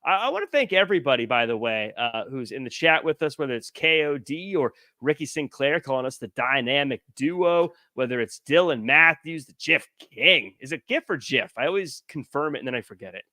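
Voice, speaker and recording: A man's voice: medium pitch, lively intonation, fairly quick, hardly any pauses, bright, forceful tone, dry recording, studio quality. A man hosting a podcast in casual chat, joking and reading viewer comments aloud into a headset mic. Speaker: podcast host.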